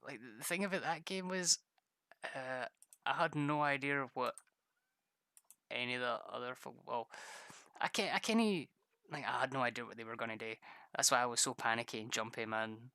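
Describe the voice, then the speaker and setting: A man's voice: mid-range voice, moderate pace, pauses often, bright, forceful tone, clean tone, no room sound. A man chatting casually while streaming a game, rambling, stammering and laughing often. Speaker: gaming streamer. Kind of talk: casual gameplay chat with viewers.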